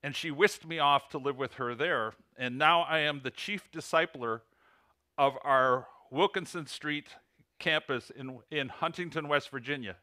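A man with an Illinois accent delivers a church sermon as a visiting ministry coach. His voice is bright and forceful, and he earnestly works through lists and figures. The sound is dry and close, with hardly any room echo. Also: on the high side, a little slow. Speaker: ministry coach, guest preacher. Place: church sanctuary.

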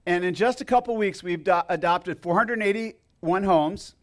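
This pastor's voice sits high and moves at a moderate pace as he gives a casual sermon in the church sanctuary. He chats and jokes with the congregation and restarts frequently.

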